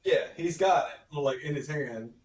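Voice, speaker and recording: A man's voice: a little high, measured pace. Casual male player, distant and echoey. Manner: casual, swears, uses "like". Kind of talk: casual tabletop game play. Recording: roomy, distant mic.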